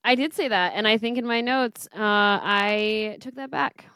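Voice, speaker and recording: A woman's voice: on the high side, steady tone, a little slow, sharp tone, clear, resonant tone, no echo. A young woman co-hosting a podcast, casual and wry, with offhand teasing remarks. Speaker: podcast co-host. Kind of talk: casual chat.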